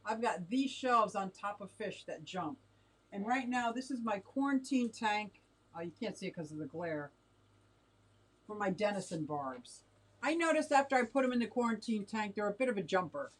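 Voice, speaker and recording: A woman's voice: medium pitch, expressive, normal speed. A middle-aged woman hosting a casual livestream from her home, chatting and giggling as she reacts to viewer comments. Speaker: livestream host reading chat. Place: home fish room with tanks.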